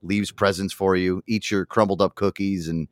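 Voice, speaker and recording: A man hosting a podcast in casual, profane banter, animated and quick to laugh. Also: low voice, no echo, studio quality. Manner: swearing, animated, laughs often. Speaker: podcast host.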